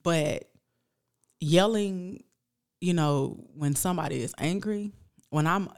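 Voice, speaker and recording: Slow and low-voiced, this thirtysomething podcast co-host tells stories in a relaxed chat. She's an animated storyteller who performs the lines she quotes.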